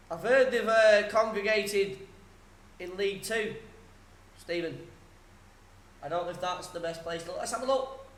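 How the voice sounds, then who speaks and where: A young man runs a live football watchalong, reeling off scores between casual banter and laughs. His voice sits high for a man. The room around him is echoey. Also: fairly bright tone. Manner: chatty, reads scores aloud, swears, laughs often. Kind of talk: live score commentary and chat.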